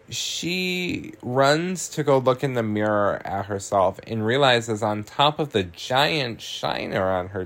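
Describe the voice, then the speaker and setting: A podcast host with a mid-range, gravelly, somewhat bright voice casually recaps a horror comedy. He's chatty and laughs, swears, and leans heavily on "like" and "um."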